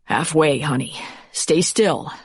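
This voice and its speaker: A woman's voice: sits low, slow pace, vocal fry, breathy edge, dry recording, studio quality, heavily acted. A woman voicing a protective, determined man. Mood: tender urgent.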